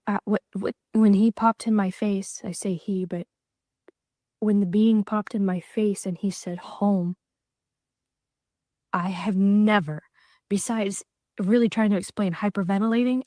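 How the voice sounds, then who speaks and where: A self-described psychic woman recording a social media clip, shaken and emotional, halting, often dropping into whispers. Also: medium pitch, steady tone, mellow, no room sound, studio quality. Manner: halting, shaky, slipping into whispers.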